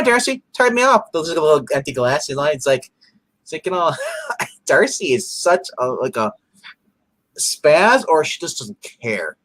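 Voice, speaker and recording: A man co-hosting a casual episode recap, retelling scenes animatedly and acting out the characters' lines with frequent laughs. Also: a little high. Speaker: podcast co-host.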